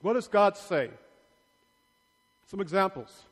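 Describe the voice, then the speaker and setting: A male priest preaches with a high, light voice at an unhurried pace. He teases and quizzes his congregation in a playful way. His voice rings out with the long reverb of a large church. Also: animated. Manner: playful, asks the congregation questions. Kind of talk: sermon.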